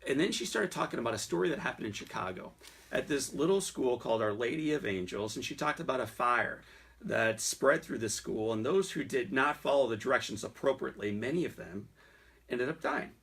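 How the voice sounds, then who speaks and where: Podcast host: a man with a husky voice, earnest in questioning and storytelling. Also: medium pitch, lively intonation, fairly quick, fairly bright tone. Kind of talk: interview.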